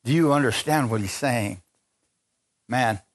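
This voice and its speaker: A fervent male preacher addressing a packed church, reading scripture aloud and pressing the crowd with questions. His pitch sits in the middle for a man and he swings between quiet asides and high, excited calls. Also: a little slow. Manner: fervent, rising to exclamations and calls to the congregation. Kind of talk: spontaneous sermon. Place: large church with a congregation.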